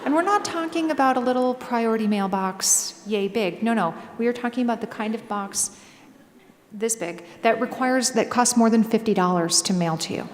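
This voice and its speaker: Animated woman with a Minnesota accent. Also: a little high, normal speed. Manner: animated, comic, often laughing through lines. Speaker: author speaking at a library event. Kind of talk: humorous live storytelling talk. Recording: reverberant hall with clear background noise.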